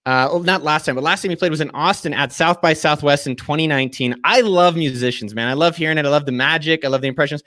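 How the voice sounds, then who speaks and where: A man's voice: fairly high pitch, fast talker, few pauses, a bit bright, no echo. A man hosting a casual live video show, enthusiastic and effusive as he thanks and plugs his guests. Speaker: host.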